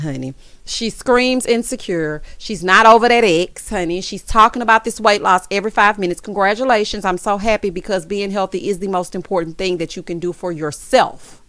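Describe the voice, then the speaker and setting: A woman's voice: mid-range voice, no echo. Woman, reality TV recap, sassy, says honey and child a lot, dry close sound. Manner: sassy, animated, side-eye asides; addresses viewers as honey and child. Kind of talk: casual recap commentary.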